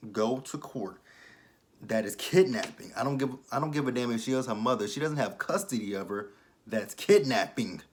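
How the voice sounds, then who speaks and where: A young man talks through a TV episode at home in a loose, unscripted recap. He swears freely and slips into the characters' lines as he goes. His voice sits at an ordinary middle pitch for a man. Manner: animated, profane, acts out the characters' lines. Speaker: TV episode reviewer. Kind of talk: casual recap and commentary.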